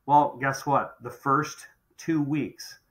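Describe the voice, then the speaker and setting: A man's voice: mid-range voice, steady tone, slow pace, a bit bright, poor audio. A middle-aged man who runs a contracting business, talking emphatically on a podcast and often repeating phrases as he restarts. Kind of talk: podcast conversation.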